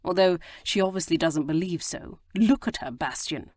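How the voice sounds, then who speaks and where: A woman reading an audiobook, voicing an agitated, guilt-stricken young gentleman who bursts into exclamations. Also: lowish voice, moderate pace, no room sound, lightly acted. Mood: distraught. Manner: distraught, exclamatory outbursts. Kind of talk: audiobook character voice.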